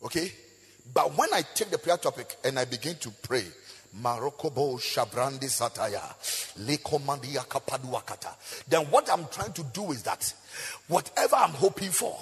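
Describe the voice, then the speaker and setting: A man preaching a sermon, chanting in a sing-song voice, rising to shouts, asking the crowd call-and-response questions and breaking into tongues. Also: fairly high pitch, very animated, a little fast, creaky, husky. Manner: bursts of praying in tongues. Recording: echoey hall with faint music.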